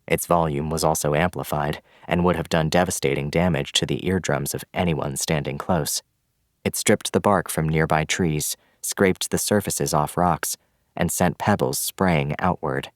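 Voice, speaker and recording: A man giving scripted, measured audiobook narration of a fantasy novel. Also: a bass voice, no room sound, clean studio sound.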